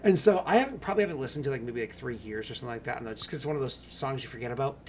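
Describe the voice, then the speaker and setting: A man running a tabletop game in a casual, animated way, laughing often and using many fillers. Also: medium pitch, racing, slight background noise. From New England. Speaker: game master.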